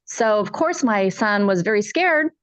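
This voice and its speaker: A woman's voice: mid-range voice, lively intonation, unhurried, clean tone, no room sound. A middle-aged woman telling her own story as a panel guest, earnest and distressed as she recounts details. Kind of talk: personal account on a podcast panel. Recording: dull lo-fi dry sound.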